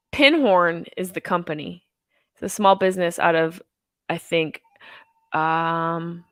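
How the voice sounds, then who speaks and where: A woman's voice: fairly low pitch, a bit bright, dry recording. A woman in her thirties hosting a live movie watch-along from home, rambling and joking with crude humor while stoned. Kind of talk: casual live-stream chat. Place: house, at home.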